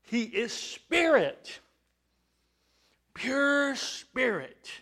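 Slow, high-voiced preaching man. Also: sing-song, sharp tone. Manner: emphatic, with rising bursts of volume and rhetorical questions. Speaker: pastor. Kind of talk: sermon.

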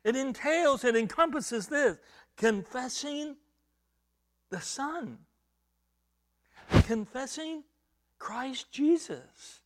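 Guy preaching a bible sermon, highish voice, slow and deliberate, gets loud then drops to almost a whisper. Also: expressive. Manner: emphatic, swings from loud exhortation to hushed near-whisper; repeats and restarts words while reaching for a point. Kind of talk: expository sermon.

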